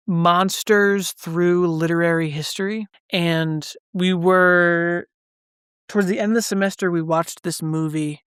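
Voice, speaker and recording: A man co-hosting a podcast in casual chat, brisk and joking as he steers the review. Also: high-pitched, clear, resonant tone, no echo, studio quality. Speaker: podcast co-host.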